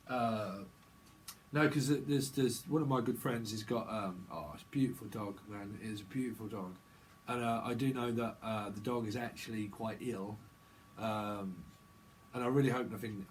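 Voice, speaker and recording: A man's voice: lowish voice, a little hiss or hum, poor audio. A man doing a casual tarot reading vlog, rambling and slangy and often laughing. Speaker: tarot reader.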